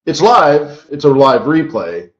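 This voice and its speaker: A man hosting a live trading stream, chatty and rambling, tired, rattling off quick disclaimers. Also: on the high side, sing-song, echoey room, lo-fi sound. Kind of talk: casual live-stream teaching talk.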